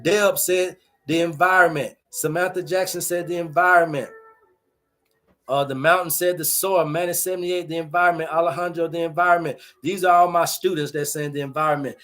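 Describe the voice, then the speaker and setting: Male host, higher voice; preachy, repetitive livestream teacher addressing viewers. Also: fairly bright tone. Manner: preachy, repetitive, slangy, talks to chat.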